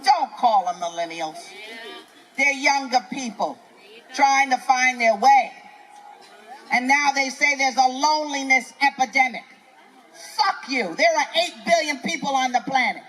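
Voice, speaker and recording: A woman's voice: sits high, a little slow, a bit bright, low-quality recording. An older woman with a New York accent doing a live stand-up set, ranting in a brash, profane, preachy way. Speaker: stand-up comedian. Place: outdoor festival stage.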